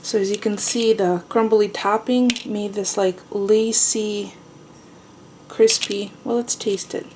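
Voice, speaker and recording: A woman's voice: mid-range voice, fairly even intonation, slow pace, a little mellow, slight background noise. A woman casually talking through a home baking demonstration, chatty and self-teasing, tasting as she goes. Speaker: home cooking vlogger. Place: home kitchen.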